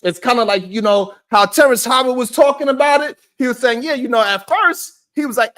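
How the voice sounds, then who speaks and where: Animated high-voiced man hosting a live show. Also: fairly quick, few pauses. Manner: animated, preachy, swears often, talks to viewers. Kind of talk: live-stream commentary. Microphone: streaming setup.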